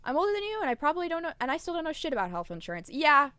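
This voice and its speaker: High, lively woman streamer. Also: racing, dry recording. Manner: rambling, irreverent, swears freely. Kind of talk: casual live-stream chat.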